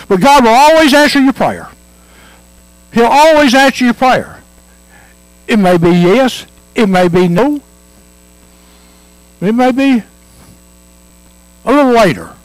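Male preacher, high animated voice, dry sound, earnest repetitive sermon delivery. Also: no room sound, rough recording. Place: church.

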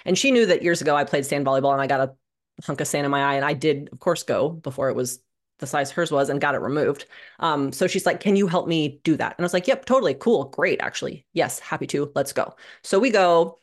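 A young adult woman telling a personal story as a podcast guest, animated and sardonic, swearing freely. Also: deep voice, quick pace. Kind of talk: candid conversational storytelling. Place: living in Minnesota.

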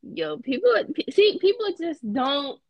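A young woman co-hosting a podcast, chatting in a relaxed way, agreeing often and using casual slang. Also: high-pitched, a little slow, creaky, no room sound. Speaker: podcast co-host. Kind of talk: casual chat. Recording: dull lo-fi podcast audio.

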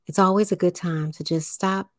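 A woman hosting a spiritual livestream, speaking deliberately, enunciating carefully and guiding listeners through breathing. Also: lowish voice, steady tone, no room sound, clean studio sound. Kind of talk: slow spiritual livestream talk.

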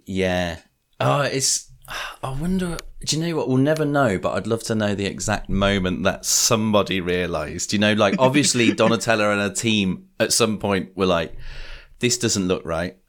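A man's voice: fairly low pitch, moderate pace, a bit bright. A man co-hosting a podcast in casual chat, wry and jokey, slipping into hammy quoted voices. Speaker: podcast co-host.

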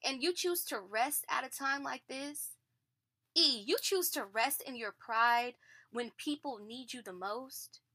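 A woman hosting a devotional podcast, reading scripture and reflecting on it in an expressive, conversational way that keeps calling listeners "y'all.". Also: high voice, measured pace, dry recording.

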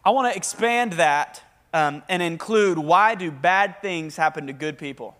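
A young man with a Southern accent preaching a lively, joking sermon to a congregation and prompting them to answer back. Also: on the high side, unhurried. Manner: talkative, energetic, joking. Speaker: pastor. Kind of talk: lively sermon with call-and-response. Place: church hall with a live congregation.

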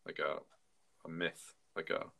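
A man's voice: extremely low pitch, monotone, unhurried, gravelly, bright, forceful tone, breathy edge. A Canadian man hosting a casual podcast, rambling through stories with filler words. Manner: rambling, many fillers and restarts, chuckles. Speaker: podcast host. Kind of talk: casual chat.

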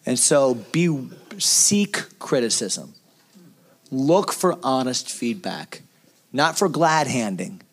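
A pastor in a round-table discussion on preaching, talking in an animated way with rhetorical questions and frequent restarts. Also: male voice, medium pitch, slow.

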